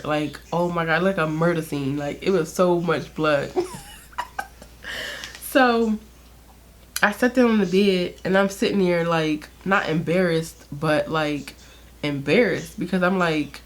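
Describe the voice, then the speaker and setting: A young woman vlogger telling a personal story in a candid, chatty way, laughing often and using lots of fillers. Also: low voice. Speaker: beauty vlogger. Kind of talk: casual storytime.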